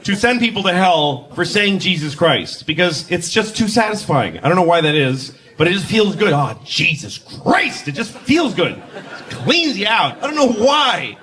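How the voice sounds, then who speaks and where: A man performing a stand-up comedy set, telling stories deadpan and jumping into shouted voices. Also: sits high, normal speed. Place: comedy club stage with audience.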